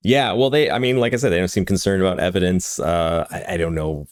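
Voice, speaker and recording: A man's voice: low voice, brisk. A man co-hosting a podcast, chatting casually about a film, rambling, laughing often and restarting his sentences. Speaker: podcast co-host.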